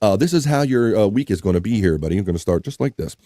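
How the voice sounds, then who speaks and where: Man, stream host, lively up-and-down voice, dry close mic, jokey chat, reads comments. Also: lowish voice, fast, dry recording. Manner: animated and jokey, laughs often. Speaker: livestream show host. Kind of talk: casual chat, reading viewer comments aloud.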